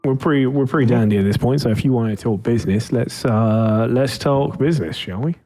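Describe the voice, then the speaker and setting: A man's voice: mid-range voice, a little fast, dark tone, soft background music. Man playing at a tabletop game. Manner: casual, swearing, loose. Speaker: player.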